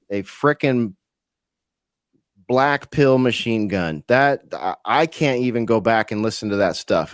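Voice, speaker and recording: A man from California hosts a live-streamed radio show, rambling casually with plenty of fillers and the occasional swear. His voice is medium-pitched, captured at studio quality with no room sound.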